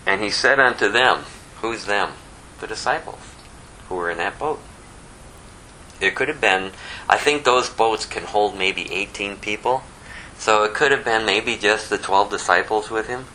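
A man leading an informal Bible study, teaching a small group with animated storytelling and sudden emphatic bursts. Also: lowish voice, unhurried, slight background noise, rough recording.

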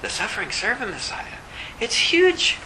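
A man preaching an expository sermon, shifting from slow, low scripture reading to emphatic, repeated rebukes. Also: huge pitch swings, bright, forceful tone, slight background noise, rough recording. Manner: repeats phrases for emphasis, chuckles at his own points.

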